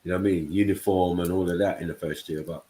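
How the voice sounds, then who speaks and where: A man's voice: sits low, fairly even intonation, quick pace, mellow. A man from England, chatting on a live panel and telling stories about growing up, often checking in with "you know what I mean". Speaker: panel host. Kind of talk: casual panel chat. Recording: echoey room.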